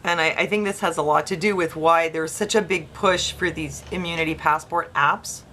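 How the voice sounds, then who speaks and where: A woman's voice: sits low, fairly even intonation, moderate pace, a bit bright. A woman vlogger giving casual commentary as she reads news aloud, with skeptical, sarcastic asides and quotes read in mocking voices.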